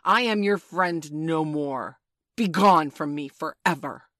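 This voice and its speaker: A woman reading aloud and voicing a stern, proud young boy leader, delivering his lines as loud, commanding declarations. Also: deep voice, slow, no room sound, studio quality.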